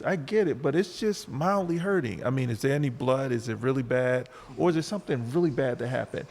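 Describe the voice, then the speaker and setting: Gravelly-voiced father telling a story. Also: mid-range voice, expressive, a little fast, hardly any pauses, a little mellow. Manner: storytelling, firm fatherly advice. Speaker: guest. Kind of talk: casual chat. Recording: reverberant room.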